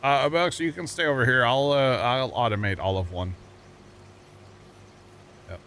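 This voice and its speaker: A man from the U.S. chats with viewers while streaming a farming game, rambling in a jokey way and frequently laughing at his puns. He talks at a normal speed in a mid-range, fairly bright voice, with a little hiss or hum in the recording.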